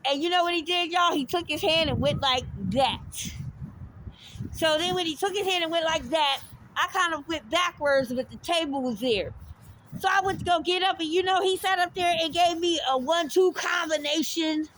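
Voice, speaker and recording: A woman telling a heated personal story straight to her viewers, animated and full of swearing. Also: very high voice, moderate pace, a little hiss or hum. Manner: animated, profane, addresses viewers directly. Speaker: storyteller recounting a confrontation.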